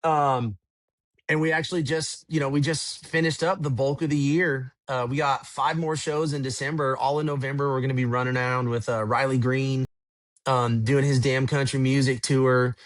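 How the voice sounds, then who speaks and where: A man's voice: mid-range voice, flat delivery, moderate pace, no room sound. A man telling stories in a casual podcast chat, rambling and laid-back, swearing now and then. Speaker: podcast guest, tour manager. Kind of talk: casual storytelling.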